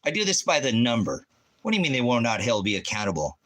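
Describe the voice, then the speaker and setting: A man's voice: mid-range voice, sing-song, quick pace, a bit bright. A middle-aged man ranting on a livestream, confronting chat viewers by name in a preachy, combative way. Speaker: livestreaming ministry host.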